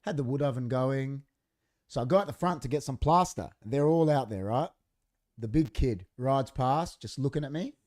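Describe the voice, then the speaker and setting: A man's voice: medium pitch, normal speed. Profane man telling a story. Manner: profane, animated, acts out quoted dialogue. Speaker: podcast co-host. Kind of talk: casual storytelling chat. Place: podcast studio.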